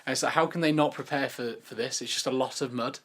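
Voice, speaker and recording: A man's voice: mid-range voice, fast talker, a bit bright. A young man co-hosting a podcast, with a mid-range voice. He talks in a loose, chatty way and drops dry, sarcastic asides. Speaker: podcast co-host. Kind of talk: casual chat.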